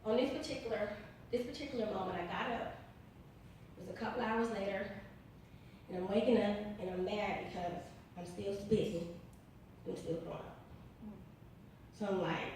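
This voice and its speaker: A woman's voice: medium pitch, normal speed, long pauses, darkish tone, slight background noise. A woman author telling a personal story in an interview, earnest and emphatic, repeating herself in an informal way. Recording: very echoey room, distant mic.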